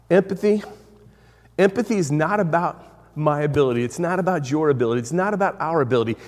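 Dynamic male preacher in a reverberant hall. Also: on the high side. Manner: dynamic preaching, swinging from loud to hushed, with repeated phrases. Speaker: pastor. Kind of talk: sermon.

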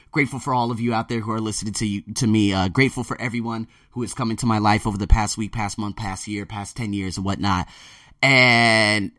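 A man hosting his own vlog and podcast, talking in an excited solo monologue that swings between hushed and loud. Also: mid-range voice, no room sound, studio quality. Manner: hyped, fast-shifting energy, swings between hushed and loud. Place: in Thailand.

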